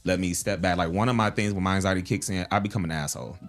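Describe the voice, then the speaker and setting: A young man with a fairly low voice talks in an open, casual way on a studio talk show. He trails into fillers and restarts as he speaks. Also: steady tone, very fast, faint music behind. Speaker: co-host of a morning talk show. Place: podcast studio.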